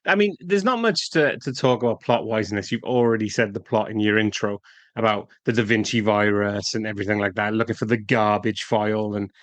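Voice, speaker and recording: A man's voice: lowish voice, fairly quick, no room sound. A man co-hosting a podcast, chatting casually about an old film with wry, sweary jokes. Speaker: podcast co-host.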